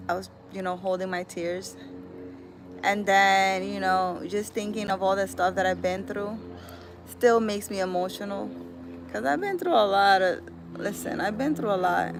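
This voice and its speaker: A woman's voice: medium pitch, moderate pace, soft background music. A woman chatting casually on a livestream as a spiritual healer, laughing often and slipping in Spanish exclamations.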